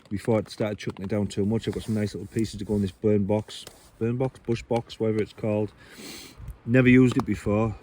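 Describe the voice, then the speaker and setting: Rain keeps falling while the bushcraft vlogger, sheltering beneath his tarp in the woods, chats loosely about gear and makes fun of himself with many ums and ers. His voice is lowish and mellow, with a little hiss or hum.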